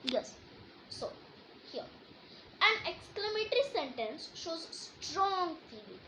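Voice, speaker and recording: A woman's voice: very high voice, big pitch swings, slow pace, background noise. A woman teaching a grammar lesson, explaining and reading example sentences aloud with emphasis.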